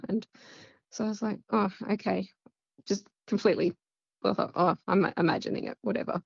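A woman's voice: medium pitch, brisk, vocal fry, a little mellow, husky, dry recording, muffled recording. A woman with an Australian accent, telling a personal story in a casual, rambling way full of fillers. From central west Queensland, Australia. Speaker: guest.

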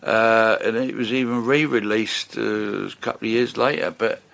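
An older man, a session bass player chatting and rambling through stories as an interview guest. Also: fairly even intonation, normal speed, vocal fry, fairly bright tone. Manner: chatty, rambling, lots of fillers and restarts. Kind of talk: casual storytelling interview.

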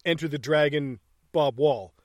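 A man's voice: fairly high pitch, normal speed. A man co-hosting a podcast in casual chat, blunt and profane, laughing often. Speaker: podcast co-host.

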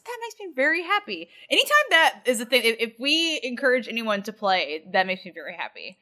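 Woman, high bright voice that swoops widely, giggly podcast co-host reading reviews. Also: sing-song, fairly quick, hardly any pauses. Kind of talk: casual chat, reading listener reviews aloud.

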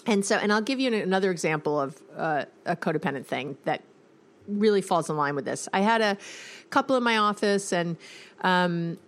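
A woman's voice: on the low side, expressive, brisk. A middle-aged woman therapist hosting an advice podcast, talking in a casual, conversational way and acting out her clients' words when she quotes them. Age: middle-aged or older.

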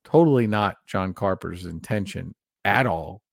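A man's voice: sits low, lively intonation, moderate pace, vocal fry, dry recording, studio quality. A man co-hosting a casual horror film podcast, talking with enthusiasm and rambling through trivia. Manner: enthusiastic, rambling, reads passages aloud. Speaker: podcast co-host.

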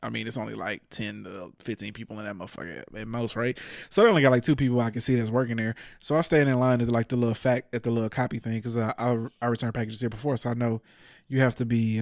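Animated and profane, this man recounts a story in relaxed conversation, laughing a lot and imitating the people he quotes. The studio-quality recording is dry, and his pitch sits in the middle range.

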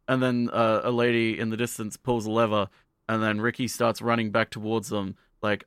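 A man on a casual anime podcast, recapping an episode in a loose, rambling way. He fills his sentences with "like" and acts out each character's lines as he goes. His voice sits at a middle pitch, and the sound is close and dry with no room echo. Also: little pitch movement, moderate pace, fairly bright tone, clean tone. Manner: rambling, heavy use of "like" fillers. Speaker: podcast co-host.

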